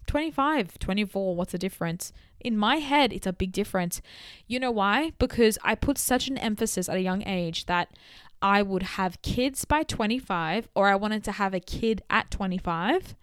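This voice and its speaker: Young woman, chatty podcast host, smooth clear voice, dry close sound. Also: mid-range voice, moderate pace, no room sound. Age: 20s. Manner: chatty and animated, with rising emphatic bursts. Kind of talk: casual solo podcast chat.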